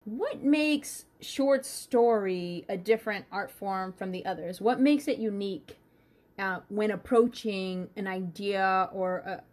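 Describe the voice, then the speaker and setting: A woman's voice: mid-range voice, unhurried, darkish tone. A woman co-hosting an interview, asking curious, rambling questions in a casual chat. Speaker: co-host.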